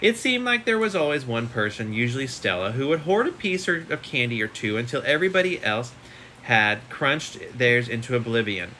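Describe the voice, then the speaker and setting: Man, casual home read-aloud on a phone live stream; bright tone, steady reading. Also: medium pitch, normal speed, a little hiss or hum. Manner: reads steadily with chatty asides. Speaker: shop owner reading a book aloud.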